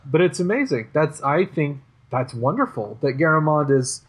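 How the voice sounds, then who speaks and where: A man's voice: on the high side, sing-song, normal speed, slightly rough. A young man chatting casually as a co-host, talking in a rambling, hesitant way with plenty of fillers and restarts. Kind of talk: casual chat about typography.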